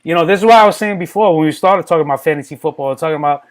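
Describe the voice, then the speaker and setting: A man's voice: fairly high pitch, rapid-fire. A man guesting on a casual podcast, talking candidly and rambling, often repeating words.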